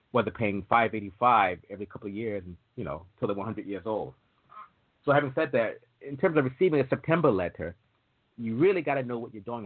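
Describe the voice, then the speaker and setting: Over tinny, phone-like audio, a waiver consultant hosts a laid-back talk show on entry waivers. His voice sits lowish with a breathy edge. He rambles in a chatty way and performs the quoted exchanges he describes.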